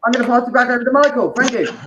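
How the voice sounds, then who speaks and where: A male stand-up comic rambles through a crude story, tossing quick asides to the crowd. His voice comes through muffled and dull, bouncing around an echoey room over a faint hiss. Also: very high voice. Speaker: stand-up comedian. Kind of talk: open mic stand-up set.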